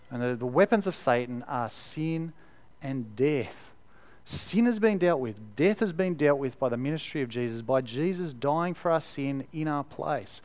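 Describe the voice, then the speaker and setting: A man preaching a sermon, his voice at a middle pitch for a man. He talks conversationally, with plenty of fillers and restarts, then leans hard on key phrases for emphasis.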